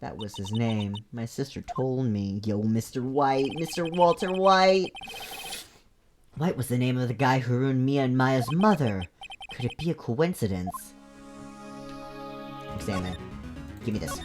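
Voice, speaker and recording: A woman's voice: rumbling low, lively intonation, moderate pace, long pauses. A woman streamer casually reading all the game's dialogue aloud in her own voice, joking between lines. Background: game music.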